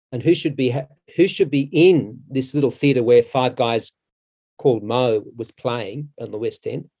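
A middle-aged man, a stage actor, telling a long anecdote in a casual, halting way with many restarts. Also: mid-range voice, dark tone, husky. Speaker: musical theatre actor, interview guest.

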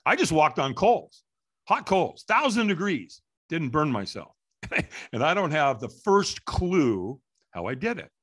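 Lively husky middle-aged man telling a story. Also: on the high side, a little slow. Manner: lively, acts out quoted voices and shouts. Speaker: interview guest, firewalk instructor. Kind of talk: animated storytelling in an interview.

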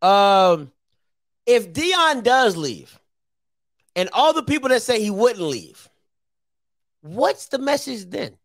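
Animated, high-voiced male radio host. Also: takes it slowly, gravelly, pauses often, no echo. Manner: jokey, animated, laughs easily. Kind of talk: call-in radio talk.

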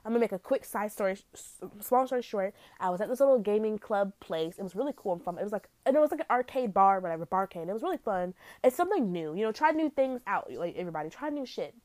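A young woman talks straight into the mic in a dry, close recording with no room around her. She tells stories in a brash, profane, animated way, with big swings in pitch. Her voice sits at a middle height for a woman. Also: quick pace, dry recording. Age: young adult. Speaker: podcast host. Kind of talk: casual storytelling monologue.

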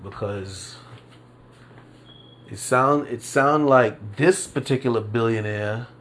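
A man with a mid-range, slightly bright voice hosts a casual solo podcast. He rambles and curses through a rant of disbelief, stretching out his emphasis and repeating himself with frequent fillers.

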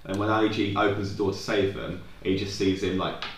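A man's voice: on the low side, flat delivery, a little fast, echoey room, a crowd in the background. A young man co-hosting a podcast, chatting casually and rambling off on tangents with plenty of swearing. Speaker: podcast co-host. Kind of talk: casual chat.

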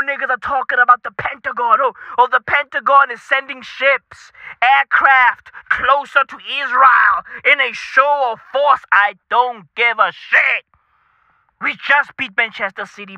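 A man's voice: extremely high pitch, no room sound, lo-fi sound. A man voicing a brash young male football fan who swears constantly and is euphoric. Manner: profane, hyped, repetitive slang. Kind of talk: comedic character bit.

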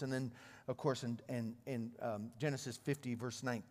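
A man's voice: mid-range voice, steady tone, normal speed, darkish tone. A man preaching a sermon, retelling Bible stories with restarts and repeated words. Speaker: pastor. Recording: long hall reverb.

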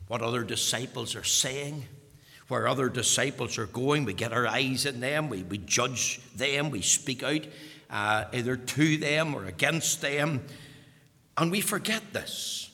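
A man preaching a sermon, emphatic and repetitive, his voice swelling to loud peaks and falling back. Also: medium pitch, a little slow, creaky. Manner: emphatic, repeating phrases, rising to loud peaks. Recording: long hall reverb.

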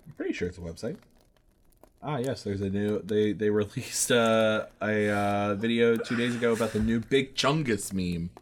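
A playful man co-hosting a podcast, ribbing his friend in relaxed chat. His voice sits in an ordinary middle range. There is a faint hiss of noise behind him. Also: on the low side, moderate pace. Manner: teasing, playful. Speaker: podcast co-host. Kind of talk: casual chat.

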